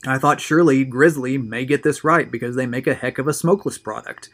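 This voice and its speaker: A man's voice: mid-range voice, brisk, few pauses, fairly bright tone. A man hosting his own video show, talking casually and enthusiastically, often repeating words as he goes. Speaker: host of a tobacco review show. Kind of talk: casual solo video monologue.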